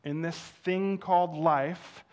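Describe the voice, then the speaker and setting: A young man preaching a sermon, telling a personal story with animated swings between loud, excited passages and hushed, reverent ones. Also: a little high, slow. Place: church.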